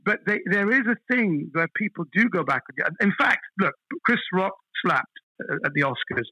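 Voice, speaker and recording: Guy guesting on a podcast, husky bright voice, kinda high, keeps repeating words as he gets going. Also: moderate pace, no echo, dull audio. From London, England. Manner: animated storyteller, repeats words when starting a thought. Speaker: guest comedian. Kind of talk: casual podcast interview.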